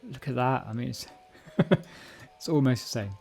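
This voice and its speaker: A man's voice: medium pitch, fairly even intonation, moderate pace, vocal fry, a little mellow, soft background music. A man hosting a casual live coding stream at home, thinking aloud and correcting himself as he goes. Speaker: live-stream host learning a programming language. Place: home room at a computer. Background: keyboard typing and clicks.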